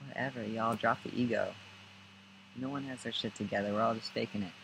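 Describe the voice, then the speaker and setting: A young man talking casually to camera about calming down, rambling and laughing often as he gives spiritual self-help tips. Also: medium pitch, brisk, gravelly, slight background noise, poor audio. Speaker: spiritual guidance and astrology vlogger.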